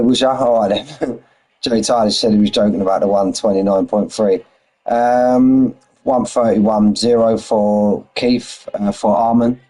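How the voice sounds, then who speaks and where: A Londoner with a lowish, dark-toned voice chats casually with viewers during a racing game stream from his home in Spain, calling everyone "mate" and reading out lap times while answering chat. The recording is rough.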